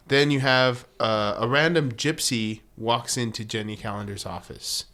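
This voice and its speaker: A man's voice: measured pace, sharp tone. A man co-hosting a podcast, recapping a TV episode in casual chat, laughing often and cracking jokes. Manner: laughing, wisecracking, jumps into high mock voices for quotes. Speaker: podcast co-host.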